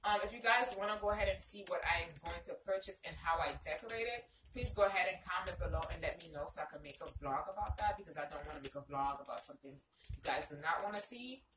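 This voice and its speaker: A woman's voice: fairly low pitch, lively intonation, quick pace, fairly bright tone. A woman casually chatting through a shopping haul at home, leaning on fillers and repeating "go ahead" often. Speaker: vlogger. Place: home, indoors. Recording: echoey room, distant mic, noisy background.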